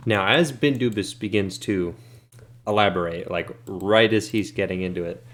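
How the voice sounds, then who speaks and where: Young man, game master, casual narration, lowish voice. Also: normal speed, fairly bright tone.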